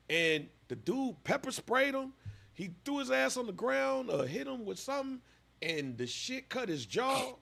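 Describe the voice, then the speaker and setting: Podcast guy going off on a story, super lively pitch, bright voice, does the voices. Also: measured pace, vocal fry. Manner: animated storyteller, acts out voices. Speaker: podcast co-host. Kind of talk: casual comedic chat.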